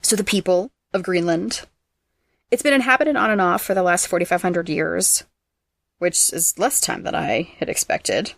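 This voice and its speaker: Woman podcast host with a lowish voice, brisk and teasing, reading trivia, recorded dry. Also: expressive, vocal fry, dry recording. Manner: brisk and teasing, reads facts aloud, laughs often. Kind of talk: casual trivia chat, reading facts.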